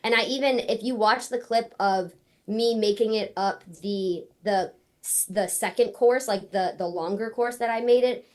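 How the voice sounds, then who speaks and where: A woman in her thirties, a guest on a podcast, telling her story in casual, animated talk and acting out what people said. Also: on the high side, normal speed. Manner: animated storyteller, acts out quotes. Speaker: podcast guest, former ninja competitor and wrestler.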